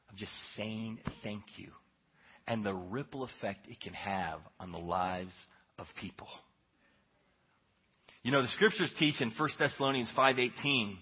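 Husky-voiced pastor preaching in an echoey hall. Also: male voice, mid-range voice. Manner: conversational, earnest, swings between hushed and emphatic. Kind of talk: Sunday sermon with storytelling. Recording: echoey hall, dull lo-fi sound.

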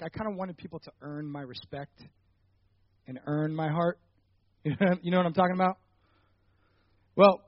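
Young man, high voice, animated testimony storyteller, dull dry recording. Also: no room sound. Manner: animated storytelling, rising loud when retelling anger. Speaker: ministry leader telling a personal story. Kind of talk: personal testimony talk.

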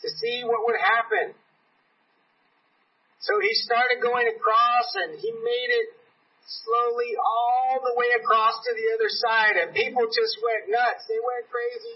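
A man's voice: very high-pitched, measured pace, slightly rough. A man preaching a sermon in a church, telling a story and acting out the voices of the people in it. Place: church sanctuary. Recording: dull, lo-fi recording from a distance.

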